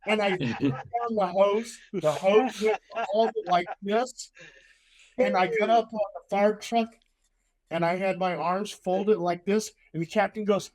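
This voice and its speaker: An older man hosting a casual chat, telling a story with animation and loudly acting out the lines he quotes. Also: high voice, measured pace.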